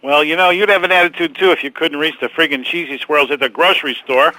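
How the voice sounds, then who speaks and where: A man's voice: fairly high pitch, steady tone, fast talker, sharp tone, poor audio. An actor voicing a resentful short man who calls a radio show and complains sarcastically about tall people. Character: bitter touchy short man caller.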